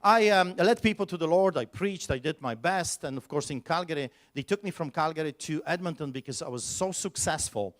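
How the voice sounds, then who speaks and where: A pastor telling a personal story at a conference, animated and emphatic, with sudden loud bursts. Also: male voice, fairly high pitch, fairly quick, few pauses.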